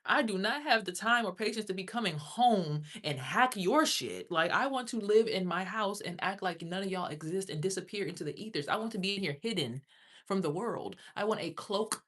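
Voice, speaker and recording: A woman livestreaming, talking casually and at length to her viewers, rambling and swearing freely. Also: lowish voice. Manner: rambling, profane, talks straight to viewers.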